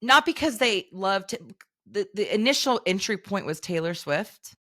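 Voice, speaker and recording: A woman's voice: mid-range voice, animated, normal speed, bright, forceful tone, dry recording, studio quality. A middle-aged woman co-hosting a podcast, chatting casually, emphatic and swearing freely. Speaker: podcast co-host.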